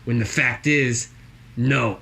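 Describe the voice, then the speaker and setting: A man's voice: medium pitch, fairly even intonation, slow pace, creaky, bright, forceful tone, heavily acted. A man playing a boastful, rambling jobless guy with a put-on accent, spinning tall tales in an improvised comedy interview.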